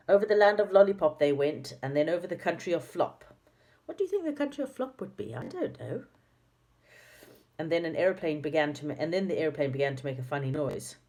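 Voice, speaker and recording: Woman, low voice, reads a kids' chapter book aloud with friendly asides. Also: darkish tone. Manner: chatty asides to young listeners. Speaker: storybook reader. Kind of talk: reading a children's book aloud.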